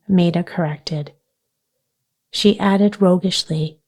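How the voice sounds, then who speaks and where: Calm woman reading a bedtime audiobook, super slow and soothing. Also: on the low side. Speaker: audiobook narrator. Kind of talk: scripted narration.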